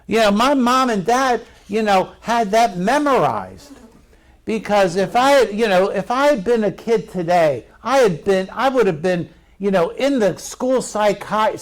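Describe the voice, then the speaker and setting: A man's voice: sits high, expressive, a little slow. A middle-aged male pastor preaching a sermon in a conversational way, asking the congregation questions.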